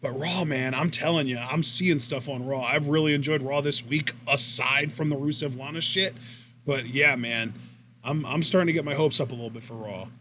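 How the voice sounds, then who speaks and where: A man's voice: mid-range voice, normal speed, slight background noise. A man co-hosting a wrestling podcast in casual commentary, rambling and swearing as he retells matches. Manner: rambling, profane, animated retelling.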